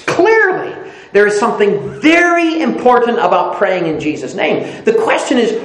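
A male preacher whose pitch swings widely as he works through scripture, climbing high on the words he stresses. His voice rings in a noticeably echoey room. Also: big pitch swings, moderate pace. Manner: reads scripture aloud, then rises in pitch on repeated emphatic words. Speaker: pastor. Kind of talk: sermon.

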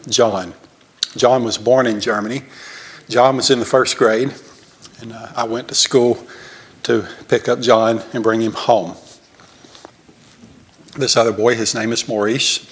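A man's voice: mid-range voice, fairly bright tone, slight background noise. A man from Alabama with a Southern accent, a missionary telling a church about his work in a folksy, conversational way with frequent fillers. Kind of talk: church presentation with Q&A.

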